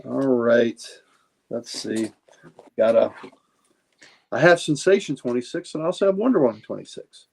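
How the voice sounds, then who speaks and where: A guest comic collector chats casually on a livestream, showing off his comic books. His medium-pitched voice is gravelly and darkish, at a normal speed with long pauses. He rambles enthusiastically and repeats words often.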